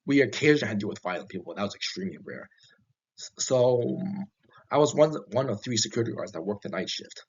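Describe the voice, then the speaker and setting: A man narrates first-person horror tales with a husky, slightly low voice. He talks haltingly, backing up and restarting his sentences. The recording sounds dull and lo-fi. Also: lively intonation. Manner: halting, with frequent restarts and fillers.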